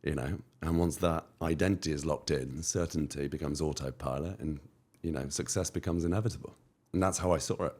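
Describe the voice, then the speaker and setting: Man, very low voice, British, podcast guest, emphatic, repeats phrases. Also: fairly even intonation, a little fast, darkish tone, husky. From United Kingdom. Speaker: guest entrepreneur. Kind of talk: podcast interview.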